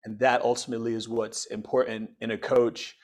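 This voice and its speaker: A man's voice: mid-range voice, level tone, fairly quick. A man with an ordinary mid-range voice talks as an interview guest. He is enthusiastic and upbeat, explaining his ideas through everyday comparisons. He sounds like he is on a remote call. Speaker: podcast guest, financial educator.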